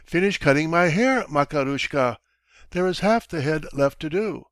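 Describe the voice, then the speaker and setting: A man's voice: on the high side, expressive, a bit bright, no echo, clean studio sound, pitched above the performer's own voice. A man reading an audiobook, voicing a blunt, self-satisfied older townsman who talks down to others. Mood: coaxing. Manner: brisk, dismissive, bossy. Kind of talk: audiobook character voice.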